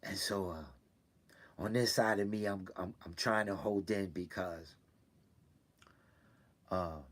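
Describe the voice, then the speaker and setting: A man talking to his regular viewers, hurt and close to tears, halting and repeating himself between sighs. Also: sits low. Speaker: weekly video host. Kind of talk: personal confessional talk. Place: indoors in a room.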